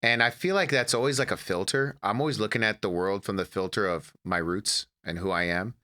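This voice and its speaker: A man from Detroit talking in a casual interview with a lowish, bright, forceful voice. He tells family stories with animation and slips into quoting his mother. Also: fairly quick. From Detroit, USA. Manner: animated storyteller, acts out his mother's lines. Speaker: comedian guest.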